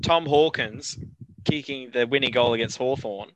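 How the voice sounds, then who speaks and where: A man's voice: mid-range voice, normal speed, fairly bright tone, poor audio. A man, joining a casual sports chat with a playful, teasing manner.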